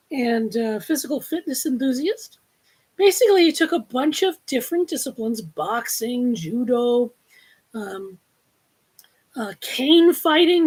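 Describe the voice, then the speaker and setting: Husky, high and lively woman author. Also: low-quality recording. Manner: playful, chatty, animated. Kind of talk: live book launch chat and reading.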